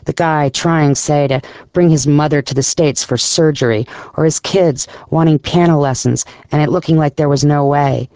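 Male audiobook narrator, gravelly, dry close read, measured. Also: on the high side, fairly even intonation, darkish tone, no room sound.

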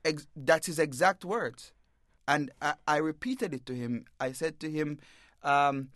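A man, a reporter, giving an interview and telling what happened to him in a halting way, stammering and repeating words. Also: fairly high pitch, a bit bright, no echo, studio quality. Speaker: newspaper reporter, interview guest. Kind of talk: emotional first-person account. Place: radio bureau studio.

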